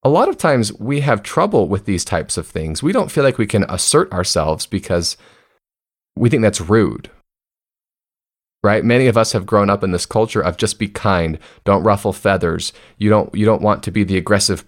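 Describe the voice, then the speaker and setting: Man with a lowish, easy voice. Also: expressive, moderate pace. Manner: conversational, asks listeners questions. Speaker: podcast host. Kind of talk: self-help podcast talk.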